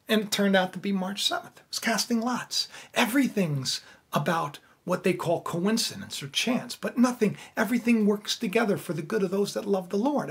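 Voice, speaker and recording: A man giving an informal Bible teaching, retelling the story with animated, casual storytelling. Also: high-pitched, moderate pace, slightly rough.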